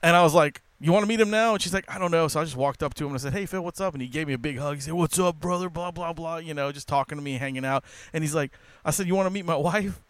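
Fast-talking podcast host, smooth voice. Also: male voice, fairly high pitch, no echo. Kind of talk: casual chat.

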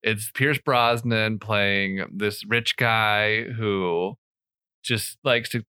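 Bright-voiced man, laid-back podcast chat. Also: fairly low pitch, steady tone, very slow, clear, resonant tone, dry recording, clean studio sound. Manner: laid-back, rambling, lots of "like". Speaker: podcast co-host. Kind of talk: casual chat.

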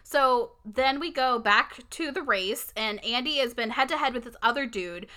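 A woman with a high, bright voice talks through a movie plot on a podcast. She is chatty and opinionated, throwing in casual swear words as she goes. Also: moderate pace. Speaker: podcast co-host. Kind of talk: casual movie recap chat.

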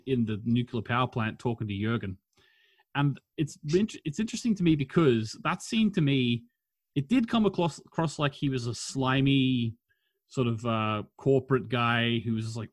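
A man's voice: mid-range voice, no room sound. Chatty male podcast host, dry sound. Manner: chatty, laughs often, reads out listener comments. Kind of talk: casual chat.

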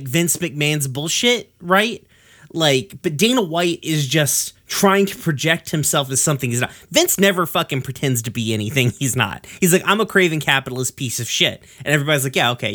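A man's voice: fairly high pitch, fairly bright tone. A man co-hosting a casual podcast, ranting with heavy swearing. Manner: profane, ranting.

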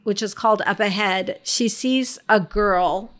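A woman with a medium-pitched, fairly bright voice speaks a little slowly. As a podcast co-host in a casual book club chat, she reflectively retells book scenes, quoting characters' thoughts.

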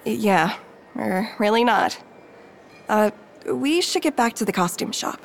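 An actress playing a sardonic young woman who teases her companion in a dry, deadpan way. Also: mid-range voice, measured pace, creaky, a little hiss or hum. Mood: dry teasing.

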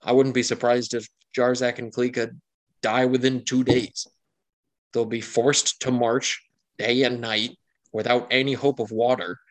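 A man's voice: mid-range voice, little pitch movement, a little slow, close to an everyday voice. A man voicing a weary, pragmatic male wilderness guide in a tabletop game, giving grim, matter-of-fact warnings.

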